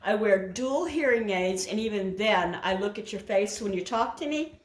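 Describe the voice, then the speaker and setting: Woman, medium pitch, rambling storyteller, casual cooking vlog, echoey home kitchen. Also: lively intonation, normal speed. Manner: rambling storyteller, keeps saying "anyway". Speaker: vlogger.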